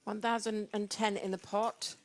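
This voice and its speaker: A woman's voice: medium pitch, little pitch movement, normal speed, slight background noise. A woman giving casual live poker commentary, chatty and playful in her banter.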